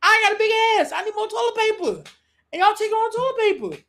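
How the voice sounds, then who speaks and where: A woman voicing her exasperated mother, shouting indignantly at people hoarding supplies. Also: very high voice, very animated, fast talker, pitched above the performer's own voice, heavily acted.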